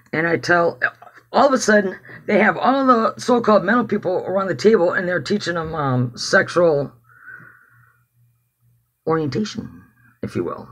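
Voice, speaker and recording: A man's voice: high voice, sharp tone, husky. A man telling a personal story as testimony in a rambling, casual way, swearing freely. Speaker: activist giving testimony.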